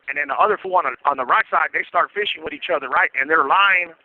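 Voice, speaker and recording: A man's voice: on the high side, fast talker. A man, telling prison stories in casual streetwise slang over the phone and acting out the voices of the people in them. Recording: tinny phone line.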